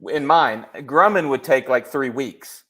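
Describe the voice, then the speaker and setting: A man's voice: medium pitch, a little slow, sharp tone, breathy edge. A man on a video call, chatting casually, teasing the host and rambling with fillers. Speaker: guest YouTuber. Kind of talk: casual chat.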